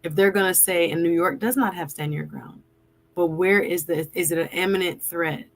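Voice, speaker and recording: A woman hosts a casual live stream, her voice sitting on the low side. She talks conversationally with a guest and reads viewer comments aloud. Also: moderate pace. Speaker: host and attorney.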